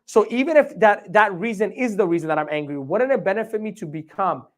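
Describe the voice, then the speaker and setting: Animated male motivational speaker. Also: high voice, fairly quick. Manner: animated, asks the audience questions, acts out his inner dialogue. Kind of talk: live training talk to an audience.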